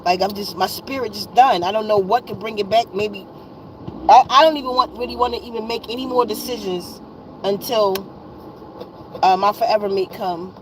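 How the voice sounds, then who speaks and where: Speaking at medium pitch and a moderate pace, this woman comes through a low-quality recording with slight background noise. A wellness vlogger in her fifties, she vents wearily to her audience, exasperated, profane, blunt and repetitive.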